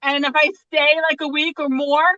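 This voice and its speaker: A woman's voice: high-pitched, level tone, moderate pace, bright, forceful tone, no echo, distant mic. A woman from Long Island with a New York accent, chatting playfully as a guest on a live stream. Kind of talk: casual live-stream chat. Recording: dull, dry, lo-fi call audio.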